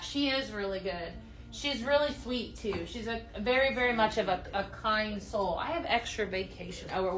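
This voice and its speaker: A woman's voice: on the high side, sharp tone, a little hiss or hum. A young woman hosting a live home-products shopping stream, chatty and bubbly, reading viewer comments aloud as she goes. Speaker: live shopping show host.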